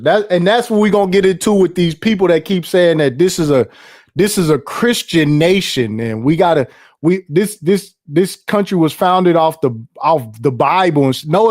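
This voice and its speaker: A man's voice: fairly high pitch, a little mellow. A middle-aged man hosting a livestream, reading chat and telling stories in a loose, profane way, laughing often and repeating himself.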